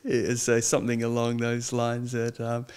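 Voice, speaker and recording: A young man, a guest chatting casually in an interview, earnest and hesitant, often pausing with ums. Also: medium pitch, completely flat delivery, a little mellow, smooth. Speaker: guest, lawyer and wrestler.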